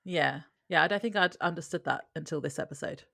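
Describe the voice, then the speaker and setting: A woman's voice: low voice, a little fast, vocal fry, sharp tone, no echo, studio quality. A woman co-hosting a podcast, chatting casually and reacting to her co-host with easy laughter.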